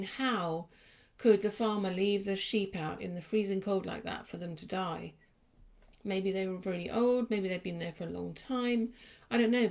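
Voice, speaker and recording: A middle-aged woman reads poetry aloud and drifts into memories between poems. She talks in a reflective, lingering way, circling back over her own words, at a middling pitch for a woman. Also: a little mellow. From England. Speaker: poetry reader. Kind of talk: reminiscing and reading poems aloud.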